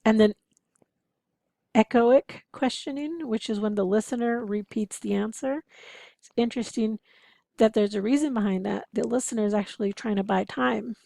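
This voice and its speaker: A woman's voice: fairly high pitch, normal speed, vocal fry, dark tone, no echo. A woman lecturing interpreting students over slides, explaining in an encouraging, practical way. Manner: explanatory, encouraging, occasionally laughing. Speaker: interpreting instructor.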